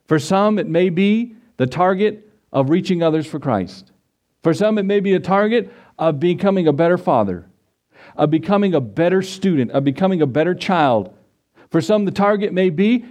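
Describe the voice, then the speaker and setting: A man preaching a sermon to his congregation, emphatic and repetitive, swinging between loud declarations and quiet asides. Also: high-pitched, lively intonation, moderate pace. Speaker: pastor.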